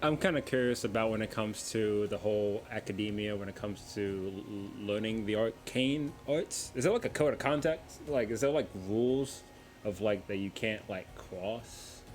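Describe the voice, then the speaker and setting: A man's voice: on the low side, moderate pace, darkish tone, soft background music. A man playing a tabletop game, chatting casually and rambling with lots of fillers. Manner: rambling, full of "like". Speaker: player.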